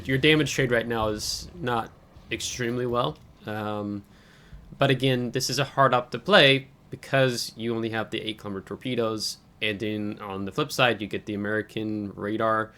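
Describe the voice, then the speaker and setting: Bright and forceful, this medium-pitched man hosts a channel and casually coaches through a viewer's game. His analysis comes out hesitant and full of ums. Coughs keep breaking in.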